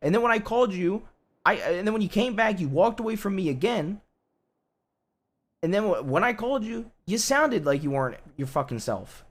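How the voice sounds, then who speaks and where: A man playing a loud, worried husband in an in-game roleplay, talking bluntly and swearing a lot. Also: sits high, sing-song, normal speed.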